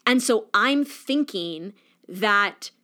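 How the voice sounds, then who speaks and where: A woman, hosting a podcast and telling a personal story in a chatty, animated way, her voice rising high at emotional moments. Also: very slow. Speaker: podcast host. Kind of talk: casual storytelling monologue.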